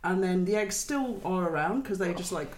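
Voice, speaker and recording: A woman's voice: lowish voice, animated, normal speed, roomy sound. A woman in her thirties co-hosting a podcast, chatty, telling a story and laughing often. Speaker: podcast co-host. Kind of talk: casual chat.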